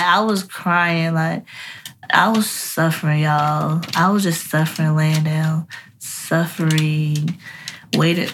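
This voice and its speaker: A woman's voice: fairly low pitch, a bit bright, slight background noise. A young woman telling a rambling, profane personal story to her viewers in a casual vlog. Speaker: vlogger.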